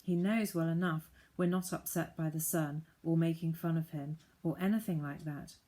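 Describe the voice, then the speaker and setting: A woman's voice: low voice, steady tone, normal speed, dark tone, lightly acted. A woman reading the part of a brave, polite boy who talks earnestly and respectfully.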